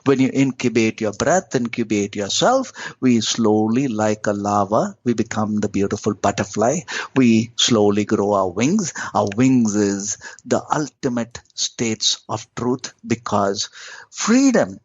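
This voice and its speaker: A man's voice: expressive, husky, no room sound. Man, spiritual teacher, swooping lyrical delivery, dull lo-fi sound. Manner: lyrical, swooping pitch, slow emphatic phrases. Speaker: spiritual teacher, podcast guest. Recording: dull lo-fi audio.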